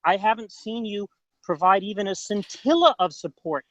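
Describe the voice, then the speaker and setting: A man's voice: high voice, lively intonation, normal speed, a bit bright, no room sound, low-quality recording. A man in a heated debate who presses his opponent with pointed questions, repeating "right?" to drive his points home. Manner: insistent, interrogating, repeats "right?". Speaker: debater defending a theory.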